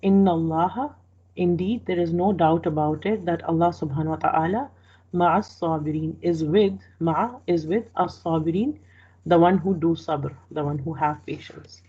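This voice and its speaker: A woman with a low, mellow, slightly husky voice gives a word-by-word translation lesson. She explains slowly, repeating phrases and correcting herself as she goes. The sound is dull and lo-fi. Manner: slow, explanatory, repeats each phrase with restarts. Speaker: Quran teacher. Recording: dull lo-fi recording.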